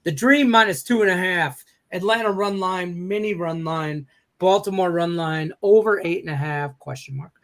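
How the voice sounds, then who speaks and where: A man's voice: high-pitched, normal speed, a bit bright. A man hosting a sports betting show, joking and rambling as he reads viewer comments aloud. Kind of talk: casual sports betting chat.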